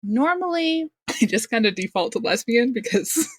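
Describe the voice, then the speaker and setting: A woman's voice: fairly high pitch, expressive, moderate pace, breathy edge, no echo. A woman talking as a guest on a podcast, a game master who chats casually and laughs often at herself. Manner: laughs often, self-deprecating. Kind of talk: casual interview chat.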